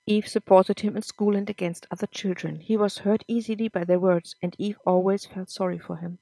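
A woman reading a serialized story aloud for her podcast in a steady, plain manner. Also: mid-range voice, fairly quick, gravelly, no echo. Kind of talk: scripted story narration.

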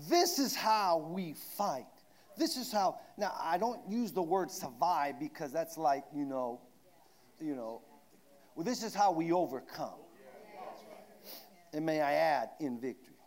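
A man preaching a sermon, swinging from shouted declarations down to hushed asides. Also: on the high side, animated, measured pace, pauses often.

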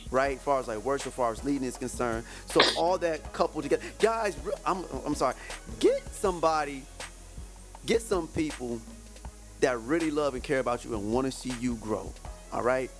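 A lively man with a fairly high voice and a slight twang hosts a faith podcast in casual chat. He rambles, restarts his sentences and laughs easily. Faint music plays softly underneath. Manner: animated, rambling, many restarts, laughs often. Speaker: podcast host.

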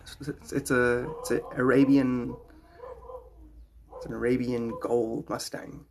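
A man's voice: medium pitch, little pitch movement, a little slow, vocal fry, darkish tone, slight background noise. A man hosting a podcast, rambling in a jokey, philosophical way. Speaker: podcast host. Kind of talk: rambling casual talk.

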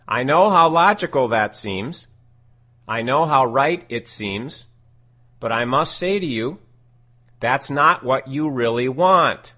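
A man giving scripted self-help teaching in a deliberate, emphatic way, repeating his key phrases. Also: medium pitch, lively intonation, bright, forceful tone.

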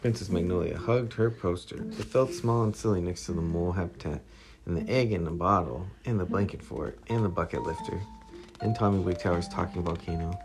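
A man reading a children's story aloud with steady expression. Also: deep voice, a little fast. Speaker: storybook reader. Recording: clear music playing underneath.

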